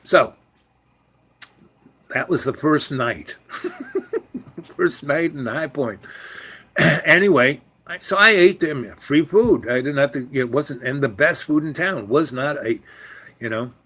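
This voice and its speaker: A man's voice: on the high side, very animated, takes it slowly, pauses often, sharp tone, husky. An older man telling a personal story in a casual, rambling way, full of fillers and restarts. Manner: rambling, frequent fillers and self-corrections.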